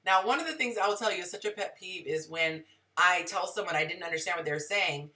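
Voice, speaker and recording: Bright-voiced woman hosting a live advice stream. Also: fairly low pitch, a little fast, distant mic. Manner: conversational, reads and greets chat viewers. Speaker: relationship advice host.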